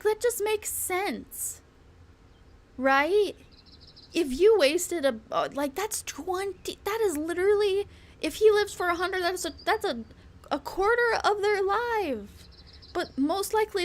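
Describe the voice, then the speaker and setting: A woman streaming a game, ranting in casual chat, blunt and rambling, swearing often and laughing between lines. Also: sits high. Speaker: VTuber streamer. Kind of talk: casual live-stream rant while gaming.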